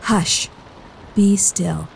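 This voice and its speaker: Calm gentle teacher, as a woman reads him. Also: fairly low pitch, extremely slow, vocal fry, a little hiss or hum, heavily acted. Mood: soothing.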